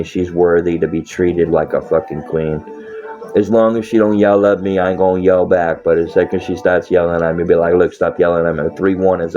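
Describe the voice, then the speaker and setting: A very low-voiced man rambling casually and bluntly, swearing constantly and breaking into laughs. The sound is dull and lo-fi, like a cheap mic. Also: dark tone. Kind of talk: casual profane monologue.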